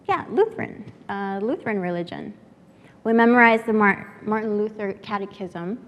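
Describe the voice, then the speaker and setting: Chatty woman telling stories, echoey hall. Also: fairly high pitch. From San Antonio, Texas. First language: Spanish. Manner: lively, laughing, chatty. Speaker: workshop speaker. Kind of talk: storytelling to an audience. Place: workshop room.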